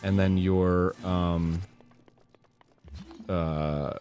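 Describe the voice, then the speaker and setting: Blunt, low-voiced man explaining things. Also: fairly even intonation, extremely slow, darkish tone, soft background music. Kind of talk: casual gaming chat.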